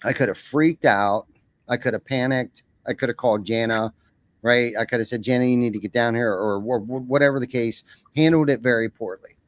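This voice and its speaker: A man's voice: medium pitch, fairly quick, no echo. A man talking as a podcast guest, rambling and often repeating words as he starts a sentence. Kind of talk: casual conversation.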